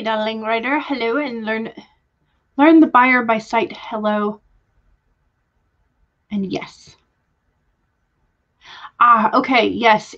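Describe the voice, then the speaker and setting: Young Southern woman, casual stream host, friendly chatter, muffled lo-fi audio. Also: fairly high pitch. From Georgia, US. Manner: chatty, greets viewers by name, laughs often. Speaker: livestream host. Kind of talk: casual livestream chat.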